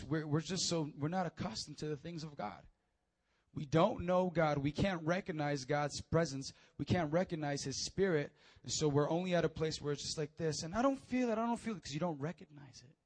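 A young male preacher with a high, light voice delivers an emotional sermon. He tells stories, and his voice climbs and swells to near shouting at the peaks, then drops back to a quieter, reflective tone.

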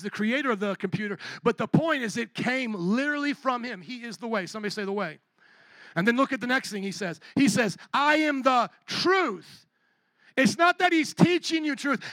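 A man's voice: very high voice, a bit bright, dry recording. A pastor preaching a sermon, a man who throws questions to the congregation and calls for responses.

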